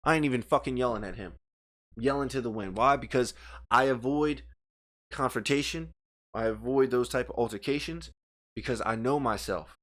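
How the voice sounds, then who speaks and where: A man of middling pitch co-hosting a casual podcast, talking into a studio microphone. He tells a story as an animated, profane rant and gestures with his hands as he talks. He sounds heated and worked up throughout. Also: normal speed. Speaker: podcast co-host.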